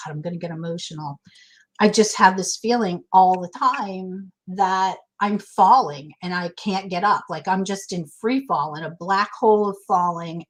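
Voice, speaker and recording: A middle-aged woman talks as a guest in a casual interview, her voice sitting low. She tells her story candidly and with feeling, often breaking off and restarting her sentences. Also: poor audio.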